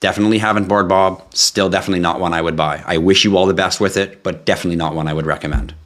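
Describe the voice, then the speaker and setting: A man's voice: low-pitched, fairly even intonation, rapid-fire, a bit bright. A man hosting a casual live stream, reading out viewer questions and answering them in a blunt, offhand, joking way.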